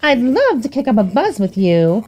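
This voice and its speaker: A woman's voice: on the high side, sing-song, moderate pace, a little mellow, dull audio. A woman voicing a laid-back, spacey young male stoner from a game. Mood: mellow.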